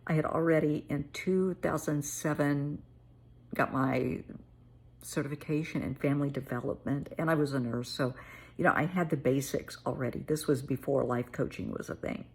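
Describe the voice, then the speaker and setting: A woman's voice: sits low, fairly even intonation, moderate pace, a little mellow, husky. A middle-aged woman therapist telling a personal story and giving earnest, emotional advice. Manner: earnest, emotional, calls listener honey.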